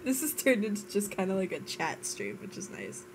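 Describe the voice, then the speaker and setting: A woman's voice: medium pitch, huge pitch swings, normal speed, slight background noise, rough recording. A tired young woman chatting casually while streaming a game, giggling and laughing through her words.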